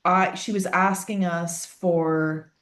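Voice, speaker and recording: A woman from northeast Scotland with a Scottish accent, co-hosting a casual podcast chat and telling stories in an animated way. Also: fairly low pitch, slow pace, echoey room. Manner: animated storytelling, acts out quoted voices. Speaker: podcast co-host.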